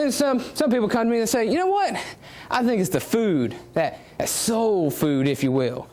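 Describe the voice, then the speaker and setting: A young man with a Southern US accent giving a competition speech, asking the audience questions as he goes. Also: sits high. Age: young adult. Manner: animated, rhetorical questions to the audience. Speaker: student public speaking contestant.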